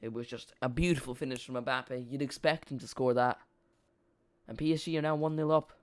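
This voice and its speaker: A man's voice: medium pitch, fairly even intonation, a little fast, clear, resonant tone, no room sound. A man streaming a live football watch-along, chatting casually and often repeating or correcting himself.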